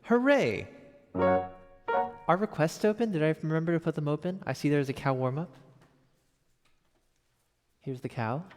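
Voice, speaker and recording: A man's voice: on the high side, animated, normal speed, pauses often, in a large hall. A young man from Connecticut chatting casually on a piano livestream from home, upbeat and chatty with gleeful exclamations. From Connecticut, USA. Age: young adult.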